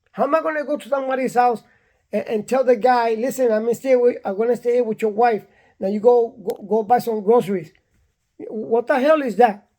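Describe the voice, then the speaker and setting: Older puerto rican guy telling his story, blunt and fired up, kinda dark mellow tone. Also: very high-pitched. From Puerto Rico. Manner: blunt, animated, repeats himself, acts out quotes. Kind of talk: casual personal storytelling.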